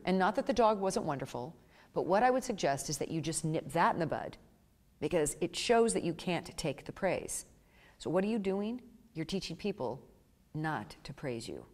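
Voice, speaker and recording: Animated woman presenter, reverberant hall. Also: lowish voice, normal speed. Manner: animated, acts out little quoted exchanges. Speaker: seminar presenter for pet-business owners. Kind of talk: live seminar talk.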